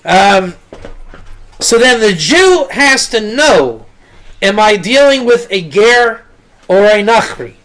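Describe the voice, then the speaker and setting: A man's voice: high voice, sing-song, slow, a bit bright. A man, a rabbi, giving a casual teaching talk, rambling and repeating words, mixing in Hebrew and Yiddish terms. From Israel.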